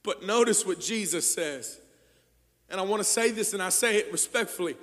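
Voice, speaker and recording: High bright-voiced preacher in a reverberant hall. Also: male voice, moderate pace. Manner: swings from hushed to shouted preaching. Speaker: pastor. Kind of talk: sermon.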